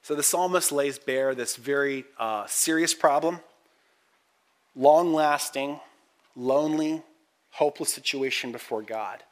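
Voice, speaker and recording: A man delivering a sermon with earnest, measured delivery and frequent pauses, rising in intensity as he reads scripture aloud. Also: medium pitch. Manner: raises voice when reading the psalm's cries. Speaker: preacher.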